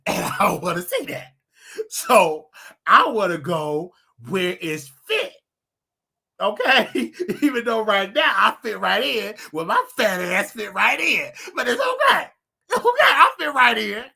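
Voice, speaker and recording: Man, show host, casual rant, animated, preachy, bright tone. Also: high-pitched, creaky. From United States. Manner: animated, preachy, loud outbursts, laughs often.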